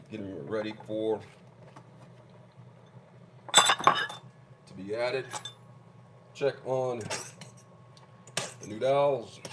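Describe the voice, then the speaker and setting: A man's voice: lowish voice, very noisy. A man casually narrating each step as he cooks a meal, talking the viewer through what he is doing. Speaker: home cooking vlogger. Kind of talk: casual cooking demonstration. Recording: loud kitchen clatter behind. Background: dishes, pots and cutlery clattering.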